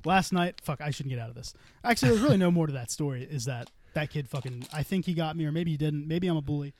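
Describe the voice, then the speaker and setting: A man's voice: fairly high pitch, expressive, fast, a little mellow. A man telling a long story on a casual podcast, swearing freely and acting out the dialogue. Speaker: podcast co-host.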